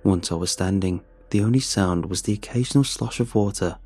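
A man narrating a first-person horror story in a measured, tense storytelling manner. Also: deep voice, a little mellow, husky, no room sound.

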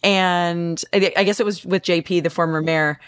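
A woman co-hosting a podcast, talking in a chatty, animated way about reporting. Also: lowish voice, normal speed, clear, resonant tone, no room sound. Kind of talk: casual chat.

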